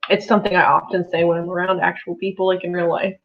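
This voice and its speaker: This farm channel host has a lowish, level voice and talks fast while livestreaming casually from home. She rambles and laughs often, captured on a laptop mic in slightly dull, lo-fi audio.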